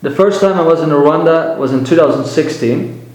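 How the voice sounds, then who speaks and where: A man's voice: fairly high pitch, moderate pace, darkish tone. A man from the eastern Netherlands, a native Dutch speaker, giving plain, matter-of-fact answers in a practice conversation. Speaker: interview guest. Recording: very echoey room.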